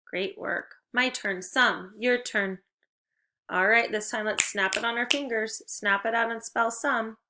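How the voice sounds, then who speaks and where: A woman teaching children in a recorded video lesson, giving encouraging, clearly paced instructions and drawing out key words slowly. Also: a little high, steady tone, bright, forceful tone. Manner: stretches out target words slowly.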